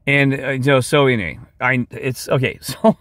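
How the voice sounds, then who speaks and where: A weary man rambles through a heartfelt monologue, drifting between topics. His voice sits at a middle pitch and is recorded close on a dry mic, with no room sound around it. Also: fairly even intonation, normal speed, fairly bright tone, no echo. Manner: rambling, impassioned, goes off track. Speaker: video creator. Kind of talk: rambling monologue with screen share.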